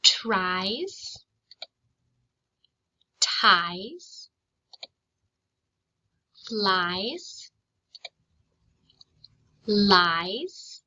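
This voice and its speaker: A woman teaching a recorded phonics lesson to young children, speaking slowly and clearly, stretching out sounds and syllables and pausing after her questions. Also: mid-range voice, sing-song, sharp tone, dull audio. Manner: asks questions and pauses for children to answer.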